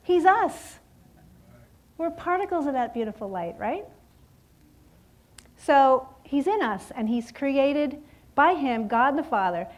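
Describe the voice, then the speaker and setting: Fairly high-voiced woman in her fifties telling a story. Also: takes it slowly, pauses often. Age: 50s. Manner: lively storytelling, acting out her own voice and others'; laughs often. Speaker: guest speaker at a church service. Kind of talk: personal story in a sermon.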